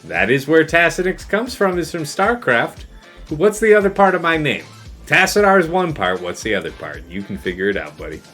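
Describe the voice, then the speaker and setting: A man's voice: on the high side, sing-song, moderate pace, fairly bright tone. A man casually commentating his game stream, chatting with viewers and joking back at their messages, with faint music behind him. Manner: chatty, joking replies to chat.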